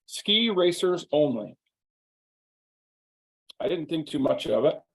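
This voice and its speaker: A man's voice: on the high side, warm tone, poor audio. Humorous male keynote storyteller. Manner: humorous, anecdotal, conversational. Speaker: keynote speaker. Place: virtual showcase, remote.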